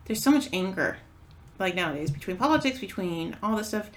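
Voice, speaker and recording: A woman's voice: medium pitch, big pitch swings, fairly quick. A woman co-hosting a podcast, telling a story in casual chat, acting out quotes and swearing freely. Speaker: podcast co-host.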